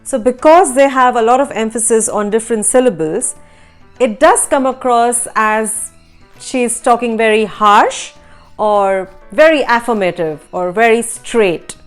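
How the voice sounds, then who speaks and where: Woman teaching a language lesson, kinda high voice, calm explaining, faint music behind. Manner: measured, explanatory. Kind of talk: explaining a translation analysis.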